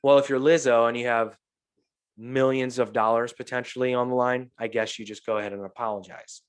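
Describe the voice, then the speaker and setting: A middle-aged man with a smooth, mid-range voice hosts a podcast at a slightly fast clip, telling stories in casual chat. He animatedly acts out quotes and swears freely along the way.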